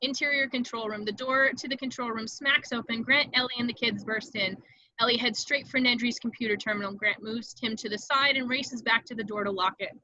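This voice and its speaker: A woman reading stage directions aloud in an amateur online table read, brisk and vivid, with occasional slips she corrects. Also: fairly high pitch, fairly even intonation, pushed and bright, no room sound, dull audio.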